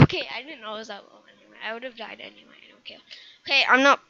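A woman hosting a gaming video, commentating her play and sounding exasperated, with quiet muttering broken by loud outbursts. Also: sits high, fast, muffled recording. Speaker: gaming channel host.

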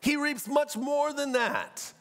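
A middle-aged man pastor preaching a sermon, animated, asking the crowd rhetorical questions and acting out quotes. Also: very high-pitched, slow pace.

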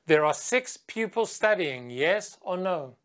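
An English teacher, a woman, patiently delivers a slow, clear video lesson to young learners. Quiz questions come first, and she also chants with the class, her singing voice higher and lively.

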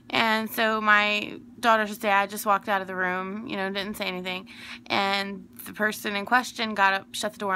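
Young adult woman, casual vlogger, digressive and emphatic, bright tone. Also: fairly high pitch, slight background noise. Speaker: vlogger telling a personal story. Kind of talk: casual storytelling to camera.

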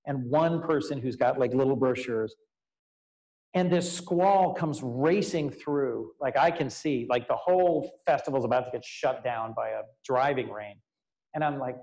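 A man in his fifties, a senator giving a public talk, telling an animated personal story with casual fillers. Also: medium pitch, moderate pace, poor audio. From United States. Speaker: U.S. senator, guest speaker. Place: law school lecture event, indoors.

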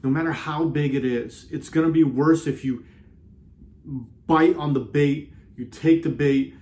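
A man hosting a self-help video, talking earnestly in a casual motivational way, often repeating himself and slowing down on key phrases. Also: a little high, fairly even intonation, a little mellow. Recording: roomy echo.

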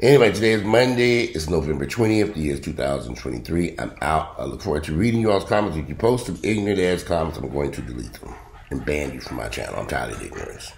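A man's voice: extremely low pitch, very animated, fast talker. A man, rambling bluntly and profanely to camera in a casual vlog. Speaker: vlogger. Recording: roomy echo.

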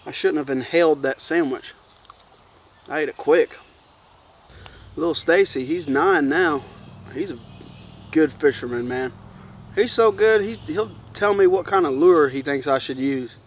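A man, chatting casually to camera at a woodland campsite in a relaxed, rambling way. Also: fairly high pitch, unhurried, long pauses, a little hiss or hum. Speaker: bushcraft vlogger. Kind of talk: casual campfire chat to camera. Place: outdoors in the woods at a campsite. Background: crickets and insects.

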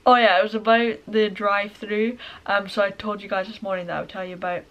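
A young woman, chatting casually and brightly in her vlog, often laughing. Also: mid-range voice, level tone, fast talker, lo-fi sound. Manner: bubbly, giggly, chatty. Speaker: vlogger.

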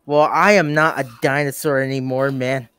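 A man's voice: mid-range voice, fairly even intonation, moderate pace, a bit bright, clear, resonant tone, no echo. A man chatting casually on a stream, awkwardly and playfully repeating the prank lines he is fed. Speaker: streamer's friend. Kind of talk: casual livestream chat.

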